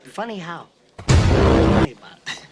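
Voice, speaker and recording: A touchy middle-aged mobster who needles in a high, swooping voice, menace under every line. It comes from a film clip with music clearly running beneath. The tone stays sharp and prodding. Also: male voice, huge pitch swings, measured pace. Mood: menacing needling.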